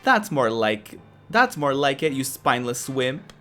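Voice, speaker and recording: A woman's voice: rumbling low, very animated, a little slow, a bit bright, soft background music, exaggerated voice. A woman reading out a taunting villain knight. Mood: mocking. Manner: taunting, gloating laugh. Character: sneering male villain knight, mocking.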